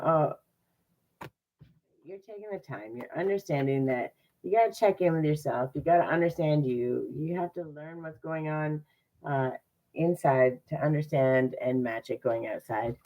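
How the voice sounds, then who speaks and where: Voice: medium pitch, rough recording. A horoscope reader in a casual live-stream reading, chatty and earnest, with sarcastic asides.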